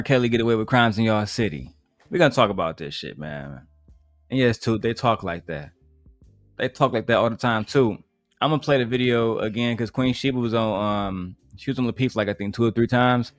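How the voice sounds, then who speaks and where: A man's voice: mid-range voice, fairly quick, no echo, clean studio sound, soft background music. A man hosting a reaction livestream, talking in a blunt, profane, ranting way. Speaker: livestream host. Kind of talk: casual reaction stream chat.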